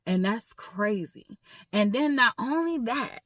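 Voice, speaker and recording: A woman's voice: on the high side, expressive, slow, fairly bright tone, no room sound. Woman venting on her vlog, emotional and cussing a lot, says stuff over and over, dry close sound. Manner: raw, profane, repeats herself for emphasis. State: emotional, grieving. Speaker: vlogger. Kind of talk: personal storytime vlog.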